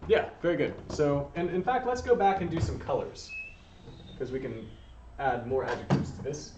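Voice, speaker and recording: A man teaching a Spanish lesson to a class, patient and encouraging, often pausing with ums and uhs. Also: a little high, very noisy. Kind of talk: classroom lesson, calling on students. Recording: distant, echoey, dull room recording.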